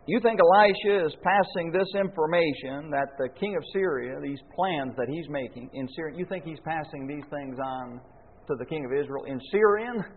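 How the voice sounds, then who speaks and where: A man's voice: fairly high pitch, moderate pace, slightly rough. A man preaching a sermon, folksy and full of rhetorical questions, chuckling now and then. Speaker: pastor. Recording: echoey hall, phone-like lo-fi sound.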